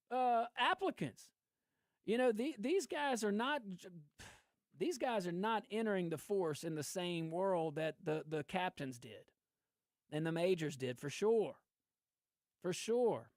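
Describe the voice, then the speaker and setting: A man's voice: sits high, no echo. Guy hosting a politics show, fired up, laughs a lot, dry close sound. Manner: animated, ranting, laughs often. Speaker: host. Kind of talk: political commentary.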